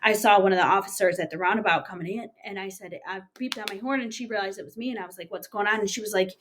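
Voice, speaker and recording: A woman in her thirties, an interview guest, recounting a personal story in a plain, halting way with many fillers. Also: medium pitch, a little hiss or hum.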